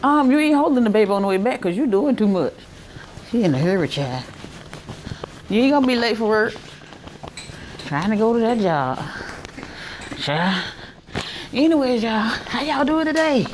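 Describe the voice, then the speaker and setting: A tired Southern US woman talks straight to her phone camera as she walks hospital halls. Her pitch swoops up and down freely, and a steady hiss of noise sits under every word. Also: moderate pace, long pauses. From Alabama, US. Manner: chatty, talks straight to viewers while walking. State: tired, worn out. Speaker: vlogger. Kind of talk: casual handheld vlog chat. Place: hospital corridors and rooms, indoors. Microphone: handheld phone. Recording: noisy hospital ambience.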